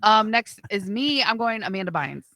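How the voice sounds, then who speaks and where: Female radio co-host, bright voice, brisk game-runner, dry studio mic. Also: medium pitch, expressive, no room sound. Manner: brisk, keeps the game moving. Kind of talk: morning radio banter. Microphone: studio microphone.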